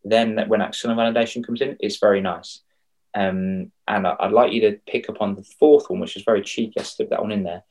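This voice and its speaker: Lively man telling stories. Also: lowish voice, a little fast. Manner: animated storyteller, acts out quoted voices. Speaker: confidence coach for kids. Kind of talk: casual podcast chat.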